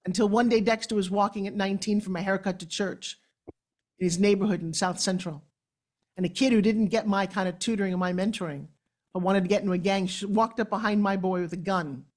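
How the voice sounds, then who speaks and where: A woman in her sixties from New York, with a New York accent, giving a motivational keynote speech on stage with dramatic, animated storytelling. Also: mid-range voice. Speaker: motivational speaker. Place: event stage before an audience.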